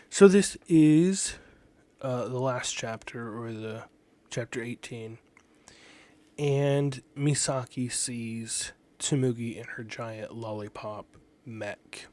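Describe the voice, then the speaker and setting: A man casually talking through manga panels one by one and paraphrasing the characters' lines in a halting, chatty way. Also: medium pitch, darkish tone, no room sound. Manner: casual, halting, many restarts and fillers, paraphrases dialogue loosely. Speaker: manga translator and commentator.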